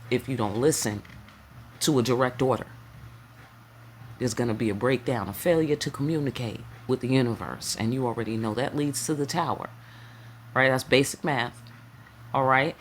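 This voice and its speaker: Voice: medium pitch, a bit bright, slight background noise. A tarot reader giving a casual spiritual reading, talking in an emphatic, repetitive way with slang and frequent check-ins with the listener. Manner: slang-laced, preacherly delivery.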